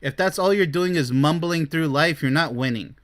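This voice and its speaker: A man hosts a relationship advice show in animated solo commentary. His voice sits a little high and bright, lively and full of energy. He talks bluntly and excitably, with loud bursts and mocking mumbles. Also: normal speed. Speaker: relationship expert and show host.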